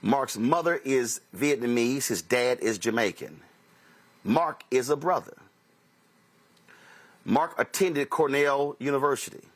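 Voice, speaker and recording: Husky American man preaching a story. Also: mid-range voice, expressive, unhurried, pauses often. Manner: preachy storytelling, acts out quoted exchanges. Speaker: host. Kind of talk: talk show monologue.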